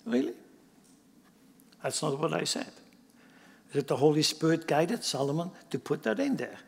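A man's voice: fairly high pitch, animated, moderate pace, vocal fry, breathy edge. A pastor preaching a sermon in an emphatic way, often putting rhetorical questions to his congregation. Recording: long hall reverb.

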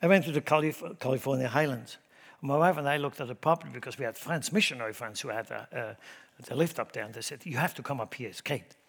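A middle-aged man, a pastor preaching a sermon in a Midwestern church, swinging between loud exhortation and hushed asides. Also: mid-range voice, quick pace, creaky.

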